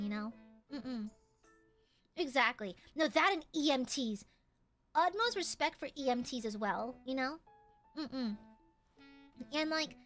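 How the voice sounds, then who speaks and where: Young girl streaming, high bright voice, swears a lot, soft music behind. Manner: chatty, swears freely, squeals when excited. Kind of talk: casual livestream chat.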